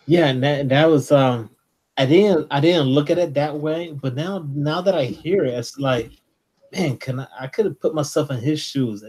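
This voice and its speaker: Easygoing slangy man, slightly raspy. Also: a little high, moderate pace, darkish tone. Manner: laid-back, slangy, lots of "like" and "you know". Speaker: comics podcast co-host. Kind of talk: casual chat.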